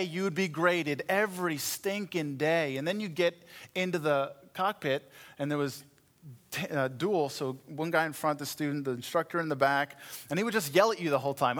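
A middle-aged man preaching with animated storytelling and a dry, self-deprecating humor. His voice sits a little higher than most men's, and it climbs even higher when he acts out the people in his stories. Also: normal speed. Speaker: pastor. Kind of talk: sermon.

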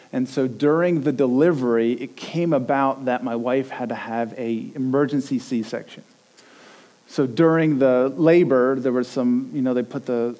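A man, likely in his thirties, preaching a sermon and telling a lively personal story, acting out the quotes. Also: low-quality recording. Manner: animated storyteller, acts out quotes with rising pitch. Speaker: pastor.

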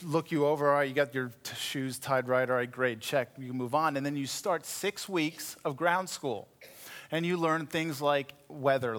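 A middle-aged man preaching a sermon, telling stories in an animated, wry way and acting out the voices in them. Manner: animated storytelling, acts out quoted voices with rising pitch; wry, self-deprecating humor. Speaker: pastor.

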